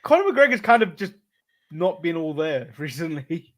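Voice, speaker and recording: English guy co-host, high voice, laughs easily, casual recap chat. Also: very animated, moderate pace, a bit bright. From England. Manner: laughs often, recaps events in a loose, chatty way. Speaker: podcast co-host.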